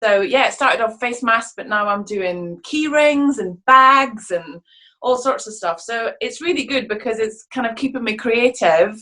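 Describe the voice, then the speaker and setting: Chatty woman, softened Scottish accent. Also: mid-range voice. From Scotland (Fife). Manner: chatty, laughs often, many restarts. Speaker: interview guest, stage actress. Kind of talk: casual video-call interview.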